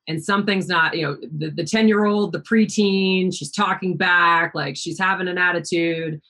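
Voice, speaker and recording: A woman host leads a relaxed interview, working her way toward her questions with a thoughtful, searching manner. Her voice is lowish and slightly husky. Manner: thoughtful, searching questions with many "you know"s. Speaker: podcast host. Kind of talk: conversational interview.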